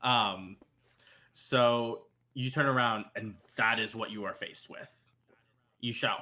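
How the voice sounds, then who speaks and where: A man narrating as game master on a live stream, talking loosely with many pauses and ums. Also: on the low side, bright, forceful tone. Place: home streaming setup. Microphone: desk mic on a live stream.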